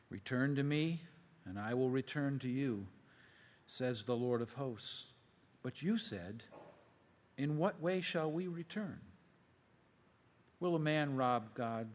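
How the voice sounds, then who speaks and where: Slow, measured male preacher. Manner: measured, drops pitch and volume at phrase ends. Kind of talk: slow Bible reading and teaching.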